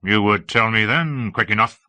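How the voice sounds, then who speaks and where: A man voicing a bold, gruff male Norse raider chief in an audiobook reading, speaking deliberately. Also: fairly low pitch, pushed and bright, no echo. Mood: commanding.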